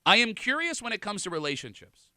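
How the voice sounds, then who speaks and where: A man hosts a call-in radio show with teasing, laughing banter. His voice is bright and lively, slightly high, and the studio sound is dry and close. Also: quick pace, no room sound.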